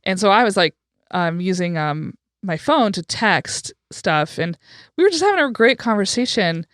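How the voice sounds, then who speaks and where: A woman's voice: medium pitch, big pitch swings, moderate pace, fairly bright tone, smooth, dry recording, clean studio sound. A woman co-hosting a podcast, telling stories in a frank, chatty way with plenty of fillers and the odd swear. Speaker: podcast co-host. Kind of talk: casual conversational storytelling.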